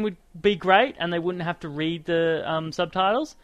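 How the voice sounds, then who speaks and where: Male gaming commentator, casual and sarcastic, quick to rant, slightly higher voice, dead-dry mic. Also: fairly even intonation, no echo. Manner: sarcastic, ranting, exclamatory. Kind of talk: casual let's-play commentary.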